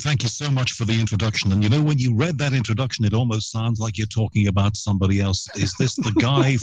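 A man's voice: medium pitch, a little mellow, dry recording. A middle-aged man from Liverpool with a Liverpool accent, telling stories in a casual radio interview with self-deprecating humor. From Liverpool, England. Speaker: radio broadcaster guest.

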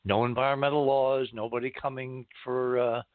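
A man's voice: mid-range voice, flat delivery, normal speed, dry recording. A man hosting a casual talk show, telling a rambling story from his childhood. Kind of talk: casual talk-radio conversation. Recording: tinny phone-like line, dry.

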